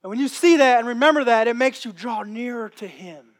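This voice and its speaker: A man's voice: very high voice, fairly quick. A man preaching a sermon with impassioned, repetitive phrasing. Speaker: pastor.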